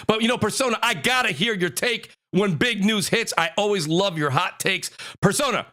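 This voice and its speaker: A man hosting a live gaming podcast panel, introducing guests with energetic hype. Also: high voice, a little fast, hardly any pauses. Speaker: podcast host. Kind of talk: casual panel show hosting.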